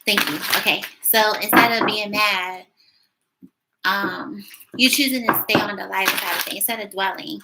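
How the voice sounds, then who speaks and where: A woman's voice: mid-range voice, steady tone, moderate pace, very noisy. A woman giving a casual tarot reading at home, chatty, with many fillers and little laughs. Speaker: tarot reader.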